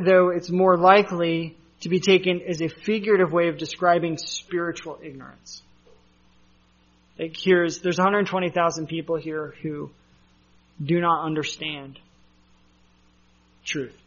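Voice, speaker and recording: A man's voice: fairly high pitch, a bit bright, dull audio. A man preaching a sermon as a pastor, conversational with asides and fillers.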